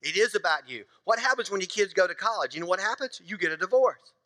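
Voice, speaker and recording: Preaching in a church sanctuary, a middle-aged pastor keeps his sermon casual and joking, acting out little scenes from married life. His voice sits high and animated, with a sharp tone and fast delivery. There's no echo, though the sound has a big-room quality.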